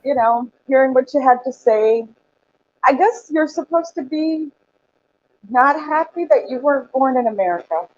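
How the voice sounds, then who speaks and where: Lively-voiced woman caller on a muffled line. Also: sits high, moderate pace, dry recording. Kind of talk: casual chat on a call. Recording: muffled call audio.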